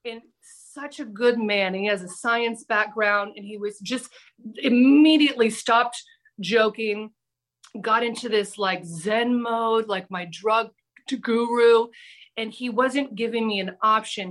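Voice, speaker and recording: A middle-aged woman, a former TV news reporter, telling a personal story on a podcast with animated, dramatic delivery. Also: on the high side. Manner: animated, breathless anecdote-telling with dramatic pauses. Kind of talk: casual storytelling.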